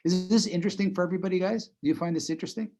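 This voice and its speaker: A man's voice: sits high, fairly even intonation, racing, warm tone, soft background music. A man leading a live online breathing class, talking conversationally and often checking in with "right?". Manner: conversational, repeats "right?" often, chuckles while explaining. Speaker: breathing instructor. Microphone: video call.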